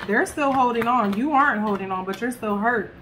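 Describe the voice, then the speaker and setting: A woman's voice: fairly high pitch, a little fast, noisy background. A woman reading tarot cards to camera in a chatty way, talking straight to her viewers and swearing casually. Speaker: tarot reader.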